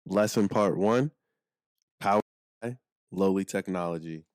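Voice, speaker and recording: Nigerian guy teaching phrases, real low voice, dry close sound, slows down so u can repeat. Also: darkish tone, dry recording. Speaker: language teacher. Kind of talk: casual spoken lesson.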